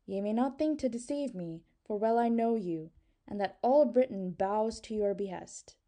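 A woman's voice: medium pitch, moderate pace, mellow, close to an everyday voice. A woman reading the part of a proud, mocking sorceress who tempts and commands in honeyed, archaic speech. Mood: mocking, tempting. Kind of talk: audiobook reading.

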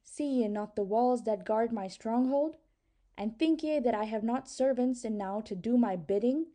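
A woman's voice: fairly high pitch, normal speed, mellow, natural voice. A woman reading the part of a proud, mocking sorceress who tempts and commands in honeyed, archaic speech. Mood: mocking, tempting. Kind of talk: audiobook reading.

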